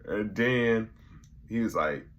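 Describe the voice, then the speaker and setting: A man's voice: on the low side, animated, slow, a bit bright. A young man casually reviewing a comedy episode in a loose, slangy way, acting out the quotes as he retells the scenes. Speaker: YouTube reviewer.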